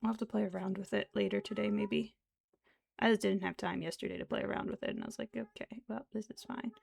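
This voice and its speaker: A young woman streamer chatting casually while she crochets, rambling along with soft laughs and half-whispered asides. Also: mid-range voice, steady tone, fast, vocal fry, husky. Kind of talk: casual chat while crafting.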